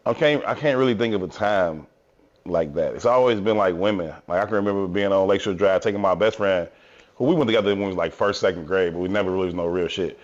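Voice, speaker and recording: A man tells stories on a podcast, acting out the other people's lines with plenty of cursing. His voice sits on the low side. The audio is dull and lo-fi. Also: quick pace. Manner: animated storyteller, profane, acts out quotes. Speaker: podcast co-host. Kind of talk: casual chat, storytelling.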